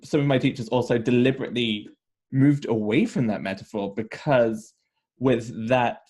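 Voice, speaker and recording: A man's voice: medium pitch, normal speed, a little mellow. Man guiding a casual verse lesson. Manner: questioning, lightly teasing. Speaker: co-host leading questions. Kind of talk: casual teaching chat.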